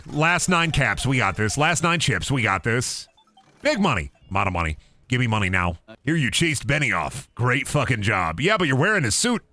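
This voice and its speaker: A man's voice: on the low side, bright, forceful tone. Goofy young man streaming a game. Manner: goofy, jokey, often putting on silly voices. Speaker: gaming streamer. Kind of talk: playful stream commentary.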